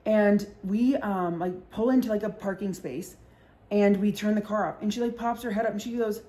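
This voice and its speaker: A woman's voice: mid-range voice, dark tone. Chatty woman telling a story, full of fillers. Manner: fast-talking, full of fillers and swearing. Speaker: podcast host. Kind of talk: casual storytelling chat.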